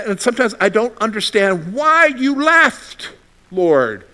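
Delivering a sermon in a voice that sits high, this middle-aged pastor is animated and moderately paced. He alternates loud emphasis with quiet asides and keeps asking his congregation rhetorical questions.

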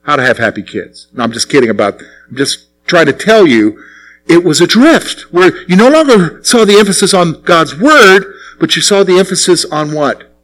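Middle-aged guy preaching, voice sits a bit high, keeps asking the crowd stuff then answering it himself. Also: normal speed, low-quality recording. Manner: animated preaching, asks the crowd questions and answers them himself; swings between raised, punchy lines and low, quiet asides. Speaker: pastor. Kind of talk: sermon.

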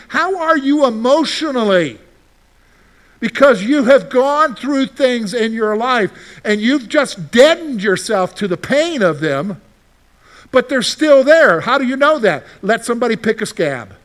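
Extremely high in pitch and fairly bright, this male pastor delivers a conversational sermon. He throws questions at the congregation, answers them, and plays out the replies he imagines from listeners.

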